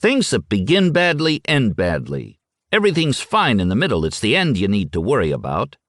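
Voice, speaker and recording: A man doing a cocky, blustering chatterbox of a man, pitched well above the reader's own voice and bouncing through a lively range. He talks fast and brags, with a dry, close sound and no room around it. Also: no room sound. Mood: grand, boastful. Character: brash boastful loudmouth man, a chatterer.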